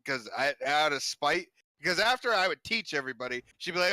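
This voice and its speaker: A man's voice: a little high, expressive, quick pace, bright, forceful tone, no echo. A young man co-hosting a casual chat, telling rambling, profane stories with mock rants. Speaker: podcast co-host.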